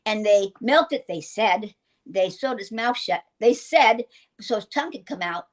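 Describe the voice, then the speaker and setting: An older woman, a guest actress, telling animated anecdotes in a casual interview and laughing often. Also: medium pitch, a little slow.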